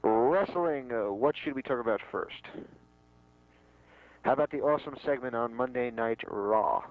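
A man's voice: medium pitch, lively intonation, normal speed. A man co-hosting a podcast in casual chat, blunt and teasing. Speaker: podcast co-host. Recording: dull lo-fi sound.

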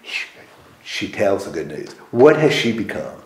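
Man, Bible study leader, lowish voice, questions the group, roomy echo. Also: very animated, measured pace, a little mellow. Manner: questions the group and repeats their answers. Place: church meeting room.

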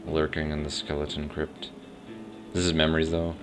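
Very deep-voiced man rambling over gameplay. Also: completely flat delivery, normal speed. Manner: rambling, unsure, thinks aloud. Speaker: let's play host. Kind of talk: casual gameplay commentary. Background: faint game music.

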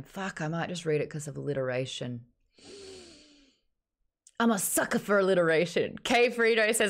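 A woman's voice: medium pitch, animated, a little fast. A woman hosting a casual live-streamed book chat, playful and teasing, with a bit of swearing. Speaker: host.

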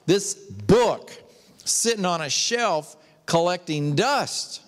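Man, pastor, emphatic sermon, high lively voice, unhurried, echoing hall. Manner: emphatic, exclamatory preaching.

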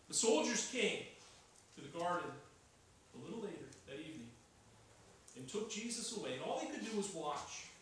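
A man's voice: high-pitched, a bit bright, far from the mic, slight background noise. Earnest male pastor in an echoey hall. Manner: earnest, rising to urgent emphasis. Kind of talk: sermon. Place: church sanctuary.

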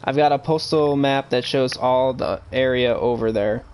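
A man's voice: mid-range voice, normal speed, darkish tone, slight background noise. Casual rambling young man streaming. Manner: rambling, casual, swears freely. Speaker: streamer playing a police officer. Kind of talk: casual live-stream chat during police role-play.

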